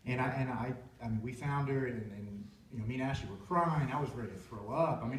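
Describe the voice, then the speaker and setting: At a normal speed and medium pitch, a young worship leader speaks from the heart about a personal experience, meandering and restarting frequently. The church sanctuary sounds echoey and distant, with a faint hiss or hum.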